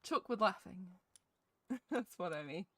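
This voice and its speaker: A woman's voice: mid-range voice, lively intonation, measured pace, slightly rough, dry recording. A young woman streaming a game and chatting casually with her viewers, giggling and swearing freely while sounding ill with a cough.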